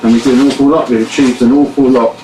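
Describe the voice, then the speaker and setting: A man in a band answering fan questions in a casual live chat, steady and explanatory. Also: mid-range voice, quick pace. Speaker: band member. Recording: echoey room, distant mic, faint noise.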